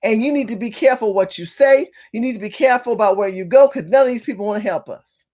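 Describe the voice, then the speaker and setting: A woman telling a story to her camera in an animated, emphatic rant, with some cursing. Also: on the high side, fast. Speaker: vlogger. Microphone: phone or camera facing her.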